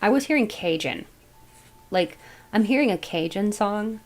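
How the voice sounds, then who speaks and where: A woman giving a casual tarot reading, thinking aloud as she goes in a musing, unhurried way. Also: medium pitch, animated, a little mellow, rough recording. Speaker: tarot reader.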